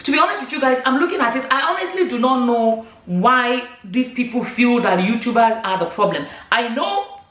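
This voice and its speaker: A high-voiced Nigerian woman chats to her viewers in a relaxed vlog, laughing easily as she reads out comments. Her voice carries a roomy echo. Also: normal speed. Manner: chatty, laughs often while reading. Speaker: vlogger. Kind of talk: casual commentary reading comments aloud.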